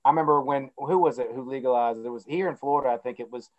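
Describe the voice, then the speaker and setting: A man who is a company head, speaking as a guest in a casual interview and explaining his views in a steady, mission-driven way. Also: medium pitch, racing, muffled recording.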